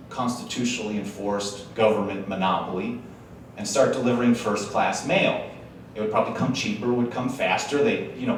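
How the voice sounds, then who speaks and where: A Wisconsin man with a mid-range voice gives a relaxed, jokey talk to a live conference crowd, chatting away with plenty of slangy asides. The large conference hall sounds echoey, the mic picks him up from a distance, and there's a faint hiss or hum.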